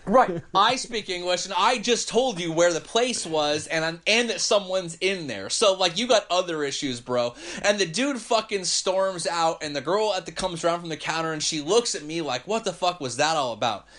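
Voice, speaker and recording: A man hosting a podcast, telling a story in an animated, profane, rambling way. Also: sits high, moderate pace, few pauses. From Northern California. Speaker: podcast host. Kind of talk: casual storytelling chat.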